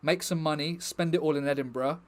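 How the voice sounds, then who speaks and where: A young man with a fairly high-pitched voice talks casually to his viewers at the end of a stream. He rambles from topic to topic with jokey asides to the chat. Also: fairly even intonation, brisk.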